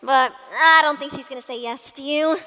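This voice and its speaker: A woman's voice: high-pitched, moderate pace, sharp tone. A teenage girl acting in a school play as a simple-minded, eager grown woman who talks in a naive rush. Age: teens. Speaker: student actor. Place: school auditorium stage. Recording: echoey hall from a room mic.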